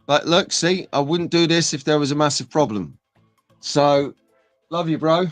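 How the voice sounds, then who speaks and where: A man's voice: on the high side, moderate pace, dry recording. Male host, bantering live-stream chat, dry close sound, faint music behind. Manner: jokey, bantering, laughs often.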